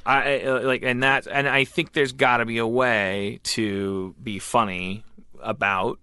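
A man co-hosting a casual podcast chat, excitable and profane, often stammering and restarting his sentences. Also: mid-range voice, measured pace, smooth, dry recording. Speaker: podcast co-host.

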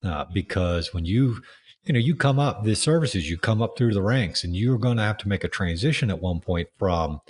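A man hosting a podcast as a leadership coach, talking in a relaxed, reflective way. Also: fairly low pitch, moderate pace, slightly rough. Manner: relaxed, conversational, reflective with fillers. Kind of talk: casual podcast conversation.

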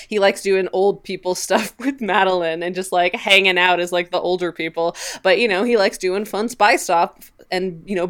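A woman's voice: fairly low pitch, fairly bright tone. Giggly chatty woman podcaster. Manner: chatty, giggly, acts out quoted lines. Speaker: podcast co-host. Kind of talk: casual chat.

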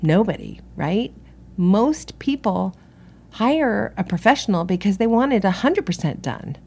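A woman's voice: mid-range voice, animated, unhurried, gravelly, darkish tone, slightly rough. A middle-aged woman, an interior designer and business owner, talks candidly in a solo monologue that drifts into digressions. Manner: candid storytelling with frequent digressions.

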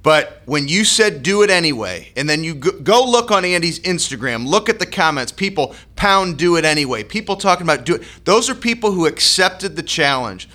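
A man's voice: on the high side, big pitch swings, a little fast, few pauses, bright, forceful tone. A man co-hosting a podcast, earnestly summing up the point and encouraging the listeners. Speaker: podcast co-host. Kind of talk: podcast conversation.

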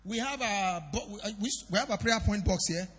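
A pastor preaching a sermon in a church hall, swinging between loud declarations and quiet confiding. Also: male voice, high-pitched, brisk. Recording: long reverb of a church hall.

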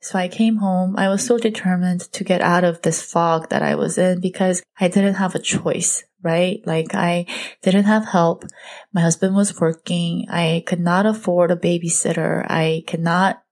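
Woman in her 30s telling her own story on a podcast, earnest and open, a bit low voice. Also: steady tone, darkish tone. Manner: earnest, confessional, slows down on emotional points. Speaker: podcast host and blogger. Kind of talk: personal storytelling monologue.

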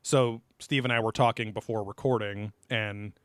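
A man's voice: lowish voice, steady tone, normal speed, no echo, clean studio sound. A man co-hosting a casual podcast, rambling and joking with many fillers and restarts. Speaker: podcast co-host.

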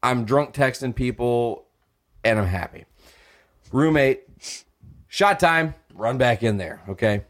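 A man's voice: medium pitch, lively intonation, slow, long pauses. A young man co-hosting a podcast, telling a long profane story and acting out the voices in it. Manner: profane, acts out quoted voices. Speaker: podcast co-host. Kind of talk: animated storytelling.

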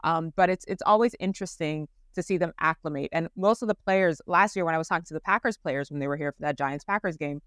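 Lively woman sports podcast co-host. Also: low voice, quick pace, hardly any pauses, no room sound, studio quality. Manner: animated, laughs often, many fillers. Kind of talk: casual sports chat. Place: traveling abroad.

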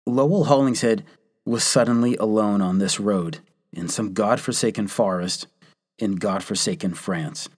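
Husky low-voiced male narrator. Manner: measured storytelling, quoted lines read with raised intensity. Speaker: history narrator. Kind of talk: scripted history narration.

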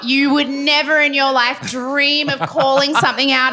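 A woman's voice: sits high, level tone, pushed and bright. A woman from Sydney with an Australian accent, co-hosting a live podcast show with jokey, chatty storytelling. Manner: chatty, jokey, quick asides. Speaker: podcast co-host.

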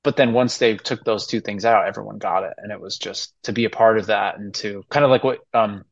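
A man's voice: on the low side, steady tone, fairly quick, gravelly, dry recording, muffled recording. A man in his forties, a musical theater actor guesting on a podcast, talking earnestly and emotionally with many restarts. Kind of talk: casual interview chat.

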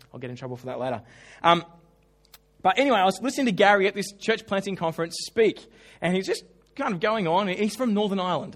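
A man preaching a sermon, telling animated stories with humorous asides. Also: on the high side. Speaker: pastor.

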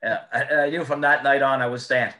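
A man, a former hockey player, telling animated, profane anecdotes in a casual chat, laughing as he goes. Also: medium pitch, fairly quick.

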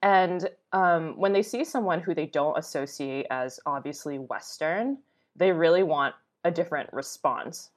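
Low-voiced woman, chatty guest. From United States. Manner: chatty, filler-heavy, quick to laugh. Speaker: guest, travel blogger. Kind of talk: casual conversation.

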